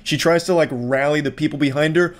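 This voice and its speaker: A man's voice: fairly high pitch, fairly even intonation, brisk. A man hosting a casual reaction commentary, sarcastic and profane. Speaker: commentary channel host.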